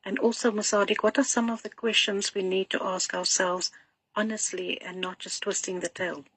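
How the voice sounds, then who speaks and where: Husky woman host asking questions. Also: medium pitch, steady tone, moderate pace, fairly bright tone, no echo, low-quality recording. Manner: polite, asks questions formally. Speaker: interview host.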